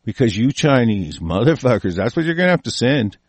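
A man's voice: medium pitch, big pitch swings, a little fast, no room sound. A man delivering an angry, profane political rant, combative and swearing constantly. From United States.

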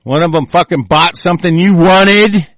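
A man's voice: high-pitched, normal speed, fairly bright tone, no room sound. A man putting on the voice of a smug, corrupt local official, sneering and mocking.

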